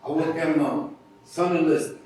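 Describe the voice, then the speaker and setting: A man's voice: on the high side, steady tone, fairly quick, a little mellow, a little hiss or hum, lightly acted. Cocky rhyming boxer, put on by a male speaker; taunting, rhythmic boasts, distant roomy sound. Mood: boastful. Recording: echoey room heard from afar.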